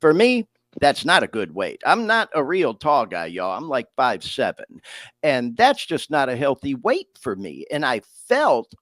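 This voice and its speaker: A man's voice: medium pitch, a little slow, dry recording, clean studio sound. A middle-aged man from Detroit hosting a live podcast, talking in a casual, emotional way and often saying "y'all" and "man.". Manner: animated, emotional, calls listeners "y'all" and "man". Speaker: podcast host. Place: home studio in Sacramento.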